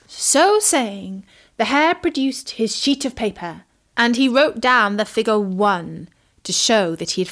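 A woman storyteller reading a children's fable in a slow, measured, clear manner. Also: fairly high pitch, a bit bright. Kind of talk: storybook narration.

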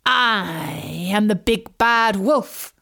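A woman voicing a strong but not very clever male wolf in a storybook, speaking slowly and courteously. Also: mid-range voice, expressive, creaky, pushed and bright, full character voice.

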